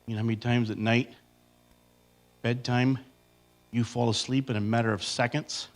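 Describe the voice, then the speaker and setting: A man in his fifties telling comic stories to a church congregation, acting out loud impressions of himself and his wife. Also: mid-range voice, level tone, moderate pace. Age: 50s. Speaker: comedian speaking at church. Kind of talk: comedic storytelling to a congregation. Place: church sanctuary.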